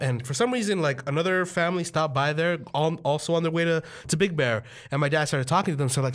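A man co-hosting a casual podcast, telling a story animatedly, acting out quoted family members and laughing often. His voice sits a little high and swings widely in pitch. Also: expressive, fairly quick, a bit bright. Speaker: podcast co-host.

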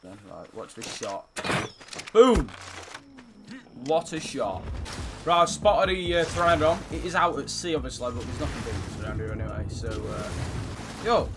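A young man giving casual, excitable gameplay commentary, swearing often and shouting when surprised. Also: medium pitch, brisk, background noise. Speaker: gaming YouTuber.

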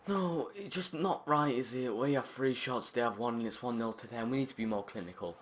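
A man narrates his football video game as he plays, at a middling pitch. He chats through the action, then flares into loud, high yells and swearing whenever a chance goes wrong. A faint hiss sits under the voice. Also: moderate pace. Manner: excitable, shouts and swears at the game. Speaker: gaming channel host.

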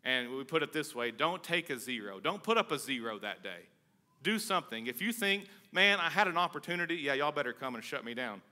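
Bright-voiced man preaching casually. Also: medium pitch, fairly quick. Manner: casual, joking, energetic. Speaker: pastor. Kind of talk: conversational sermon.

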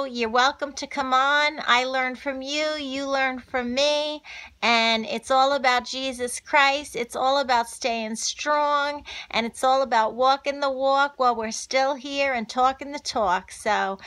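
A woman vlogger signing off to her viewers, effusive and preachy, repeating herself warmly. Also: sits high, clean tone. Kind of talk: casual religious vlog sign-off.

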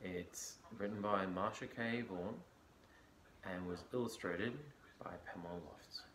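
A man gently reading a picture book aloud to a child at bedtime. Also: low-pitched, background noise. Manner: gentle, unhurried storybook reading.

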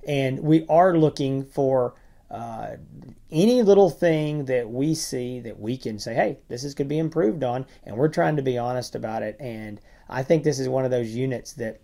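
A man co-hosting a review podcast in casual conversation, often dropping to quiet asides. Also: medium pitch, normal speed, vocal fry. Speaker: podcast co-host.

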